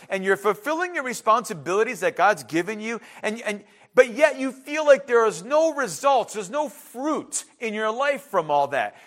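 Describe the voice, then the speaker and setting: High-voiced male preacher, conversational. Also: a bit bright. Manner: conversational, repeats words, asks the listeners questions. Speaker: pastor. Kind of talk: sermon.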